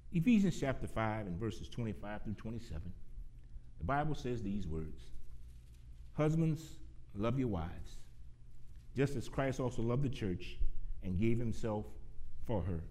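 Male preacher, mid-range voice, earnest sermon delivery with emphatic swells. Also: mid-range voice. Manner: earnest, building from soft announcements to emphatic preaching.

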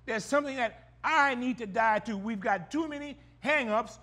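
A man preaching a sermon, swinging between loud drawn-out exclamations and hushed low phrases, with emphatic repetitions. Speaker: pastor.

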